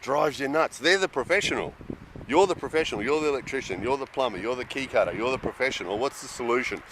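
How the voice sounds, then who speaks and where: A man's voice: medium pitch, fast. A man ranting in a casual vlog monologue, exasperated, sometimes mimicking the people he complains about. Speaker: vlogger living abroad. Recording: wind noise outdoors.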